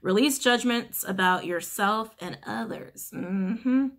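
A woman's voice: on the high side, slow pace. A woman giving a casual tarot reading, talking bluntly, swearing freely, and repeating phrases for emphasis. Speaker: tarot reader.

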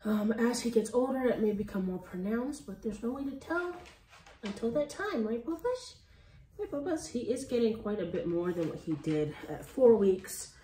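A woman's voice: fairly high pitch, expressive, normal speed, dark tone. A woman, a dog breeder chatting casually and using sweet baby talk. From Texas. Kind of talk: casual vlog narration. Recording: echoey room with faint noise.

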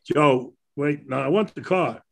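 An older man with a Brooklyn accent tells his stories in a loose, rambling way and breaks into laughter often. His voice sits a little high for a man. He speaks as a guest in casual conversation. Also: measured pace, creaky. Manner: rambling anecdotes with frequent laughter. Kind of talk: casual storytelling.

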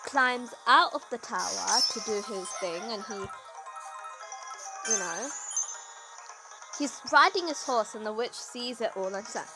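A woman host casually chatting over gameplay, rambling through a story with lots of fillers and expressive exclaims. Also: fairly high pitch, unhurried, pauses often, music in the background, low-quality recording. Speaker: gaming channel host.

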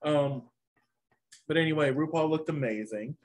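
A man's voice: on the high side, moderate pace, a little mellow. A man co-hosting a casual show review, chatty and dramatic, often acting out quotes. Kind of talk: casual chat.

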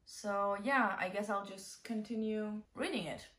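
A woman's voice: medium pitch, a little slow, very noisy. A tired young woman chatting casually as a book vlogger, rambling and reacting dramatically. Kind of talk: casual vlog chat. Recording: echoey room.

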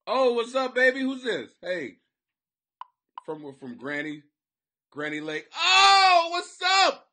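A man hosting a comedy podcast, talking rowdy and profane, often breaking into shouts and silly voices. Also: fairly high pitch, very animated, slow pace, long pauses. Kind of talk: rowdy comic commentary. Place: home basement.

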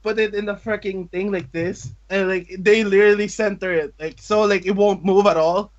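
Excitable canadian-raised guy, high bright voice, keeps laughing, kinda muffled lo-fi audio. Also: normal speed. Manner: excitable storyteller, laughs often, says "like" constantly. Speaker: podcast co-host. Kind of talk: casual chat. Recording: dull lo-fi audio.

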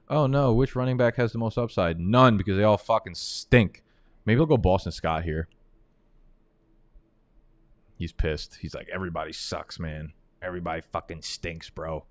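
A young man, a fantasy football analyst, delivers casual, profane trash talk as commentary on a live stream. His voice is low and the recording is dry.

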